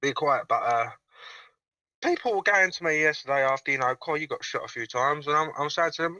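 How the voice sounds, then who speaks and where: Male caller, crude and sarcastic, sharp bright tone, dry close sound. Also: fairly high pitch, brisk, dry recording, poor audio. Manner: crude, sarcastic, swears freely. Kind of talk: casual video call-in chat.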